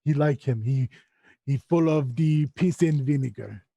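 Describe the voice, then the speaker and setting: A man doing a broken-talking creature, raised and loud. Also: mid-range voice, creaky, no room sound. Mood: cheerful. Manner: broken grammar, slow, raised and louder. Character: broken-talking goblin-like male creature Skitch.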